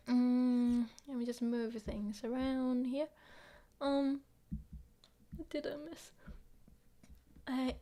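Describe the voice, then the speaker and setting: A woman teaching a casual livestream lesson, chatting with viewers and muttering quietly to herself as she reads the chat. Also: on the high side, fairly even intonation, slow, long pauses. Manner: chatty, mixes English with Japanese phrases, murmurs to herself. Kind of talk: casual live-stream lesson, reading chat.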